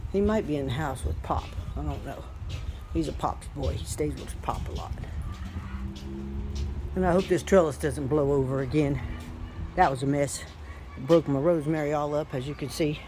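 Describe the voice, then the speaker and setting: A woman's voice: deep voice, dark tone. Chatty woman on a noisy homestead yard. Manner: chatty, down-to-earth, talks to her animals as she goes. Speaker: homesteader showing her animals and yard. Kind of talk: casual walk-and-talk vlog. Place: outdoors on a homestead yard after a storm. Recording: noisy outdoor recording.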